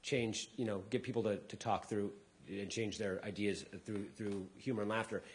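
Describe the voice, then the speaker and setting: Comedian guy chatting to a live crowd, jumps way up when he acts out other people, then goes low and quiet. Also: moderate pace, slight background noise. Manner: animated, acts out people's lines with big jumps in pitch; drops to a quieter, lower voice for asides. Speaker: comedian giving a talk. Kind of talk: casual talk to a live audience.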